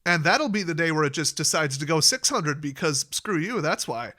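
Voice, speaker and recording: A man gives casual casino advice, rambling and chatty yet deliberately clear and well-spoken. His delivery is animated, pushed and bright, and when acting out quoted dialogue his voice suddenly jumps high.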